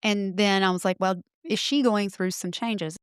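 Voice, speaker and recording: A middle-aged woman, a podcast guest, telling a spooky personal story in casual chat, breaking into loud quoted exclamations. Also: mid-range voice, fairly even intonation, moderate pace, smooth, no room sound, studio quality.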